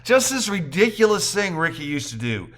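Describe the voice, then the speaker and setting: A man plays a goofy, excitable young husband, joking and defensive. His voice is high and bright and swings all over the place. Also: moderate pace.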